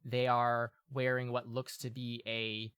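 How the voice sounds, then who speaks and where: A man's voice: medium pitch, monotone, a little slow, fairly bright tone, clean tone, no room sound, clean studio sound. Rambling man running a tabletop game. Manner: casual and meandering, with many fillers and self-corrections. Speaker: game master.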